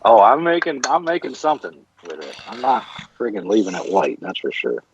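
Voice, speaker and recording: A man's voice: on the low side, huge pitch swings, a little fast, noisy background. A man from Michigan co-hosting a podcast in casual chat, goofy, laid-back and scatterbrained. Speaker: podcast co-host. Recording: dull lo-fi sound.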